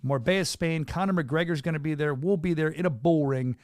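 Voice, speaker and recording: A man hosting a casual podcast from a small studio, talking with an excitable hype-man energy. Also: fairly high pitch, fairly quick, no echo. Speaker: podcast host and venue announcer.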